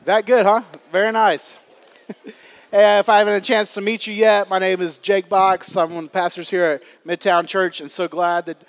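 A man in his thirties preaches in a church with a light, high voice. He talks like he's chatting with friends, full of fillers and easy storytelling. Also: little pitch movement, normal speed. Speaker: pastor. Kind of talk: sermon.

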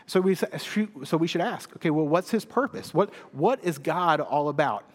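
A male pastor giving a sermon in a church, telling stories with lively humor. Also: on the high side, normal speed. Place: church sanctuary. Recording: long hall reverb.

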